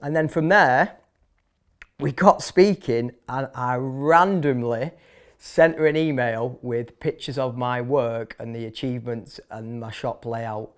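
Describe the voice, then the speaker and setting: A man's voice: mid-range voice, fairly even intonation, a little slow, smooth. A man in his thirties with a Manchester accent, a barber telling his story in a casual interview, blunt and chatty with many fillers and restarts. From Manchester, England. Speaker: barber and shop owner, interview guest.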